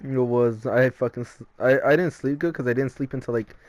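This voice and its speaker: A young man loosely trading profane stories on a podcast, his speech packed with "like" and quick asides. His voice sits at an average pitch for a man. The recording is close and completely dry, with no room sound. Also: a little mellow, no room sound. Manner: loose, profane storytelling with frequent "like" and laughs. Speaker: podcast co-host. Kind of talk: casual chat.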